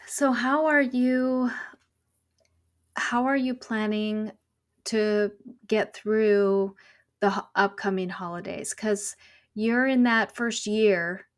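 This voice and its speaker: A woman hosting a podcast, asking gentle, unhurried questions of a guest. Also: medium pitch, steady tone. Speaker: podcast host.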